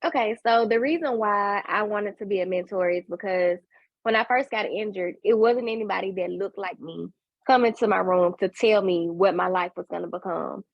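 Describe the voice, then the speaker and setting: A woman speaking as a peer mentor in a webinar conversation, telling her story with lively acted-out quotes. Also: mid-range voice, normal speed, vocal fry, no echo, muffled recording.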